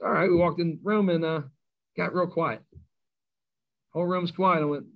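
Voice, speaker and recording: A man's voice: a little high, measured pace, vocal fry, long pauses, dull audio. Man telling a rowdy coaching story. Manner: animated, self-mocking storyteller. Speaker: high school football coach. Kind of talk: storytelling in an interview.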